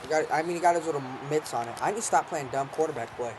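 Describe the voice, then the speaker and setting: A man's voice: a little high, racing, background noise. Young man swearing over a football game. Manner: joking, swearing, excitable outbursts. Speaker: gaming channel host. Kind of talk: casual gameplay commentary.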